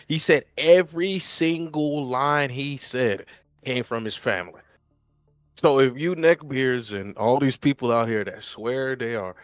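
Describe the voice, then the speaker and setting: A man's voice: medium pitch, dry recording. A man co-hosting a casual podcast chat, ranting emphatically and hammering his points home. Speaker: podcast co-host.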